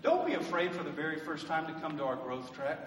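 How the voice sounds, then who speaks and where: A male pastor delivers a sermon with a notably high voice, rising into loud, fervent emphasis and slipping in humorous asides. The mic sits some way off, so his words carry a long, roomy echo of a church hall with a faint hum of ambience underneath. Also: very animated, fast talker. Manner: preachy, builds to loud emphatic bursts. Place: church sanctuary. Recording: echoey hall from a distant mic.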